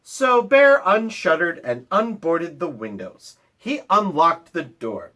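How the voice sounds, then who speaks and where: Male librarian reading a picture book aloud, slow, animated, teacherly. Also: fairly high pitch. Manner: animated, playful storyteller. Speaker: school librarian. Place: at home.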